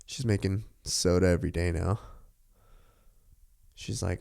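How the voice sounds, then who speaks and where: A man's voice: sits low, expressive, moderate pace, vocal fry, long pauses, mellow. A young man hosting a podcast, chatting casually and rambling with lots of filler words and laughs. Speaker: podcast host. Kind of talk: casual chat.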